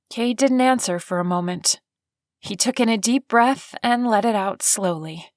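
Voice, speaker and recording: A woman reads a novel aloud in a slow, measured way, keeping an even storytelling tone. Her voice is mid-pitched and sits dry and close, with no room sound. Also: dry recording. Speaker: audiobook narrator. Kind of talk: scripted narration.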